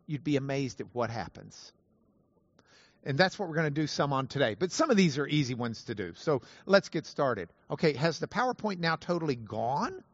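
A man teaching a Bible lesson to an audience, animated and playful, spelling out Hebrew words slowly. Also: a little high, no room sound, lo-fi sound. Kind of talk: lively teaching talk to an audience.

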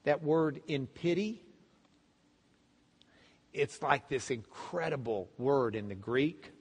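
A man teaching a Bible class as a pastor, telling the story with lively acted-out voices. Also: medium pitch, slow pace, breathy edge, in a large hall. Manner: animated storytelling, acts out voices of the crowd and blind men. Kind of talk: sermon.

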